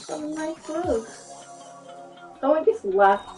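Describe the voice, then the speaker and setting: Playful woman co-player, high and animated, slow unhurried talk. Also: soft background music. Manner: laughing, bantering and playful. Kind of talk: casual gaming stream chat.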